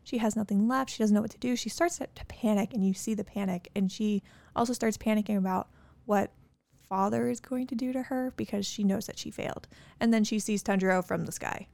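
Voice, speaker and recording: A woman's voice: medium pitch, brisk, creaky, darkish tone, dry recording. A woman co-hosting a podcast, casually recapping an anime episode in an earnest way with her own commentary. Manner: earnest, adds commentary and brief agreeing backchannels. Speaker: podcast co-host.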